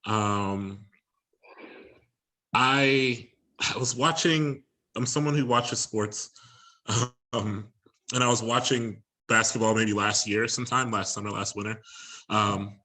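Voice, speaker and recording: A man from Ohio, a poet, casually introducing his reading in a relaxed, halting way. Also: fairly low pitch, low-quality recording. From Columbus, Ohio, USA.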